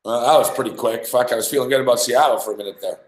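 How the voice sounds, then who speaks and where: Sports radio guy rambling a story, swears a ton, mid pitch, kinda echoey room. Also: very fast. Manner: profane, rambling, laughs a lot. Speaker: sports talk show host. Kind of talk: casual storytelling chat.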